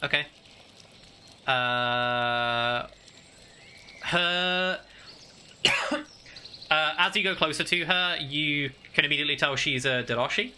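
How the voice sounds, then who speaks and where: A man narrating as game master in a tabletop game, halting and full of fillers. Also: a little high, pushed and bright, slight background noise.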